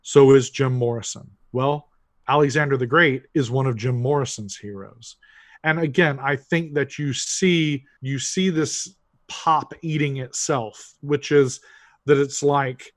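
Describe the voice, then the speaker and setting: A man's voice: medium pitch, a little slow, no echo. A man co-hosting a movie podcast, thoughtful and often hesitant, with restarts. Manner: hesitant, stammering, dry, thoughtful. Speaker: podcast co-host. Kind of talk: casual movie chat.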